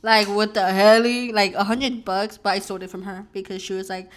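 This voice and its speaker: A woman's voice: medium pitch, level tone, brisk, few pauses. A young woman vlogger at home, casually telling a long personal story while eating, rambling with many fillers and restarts.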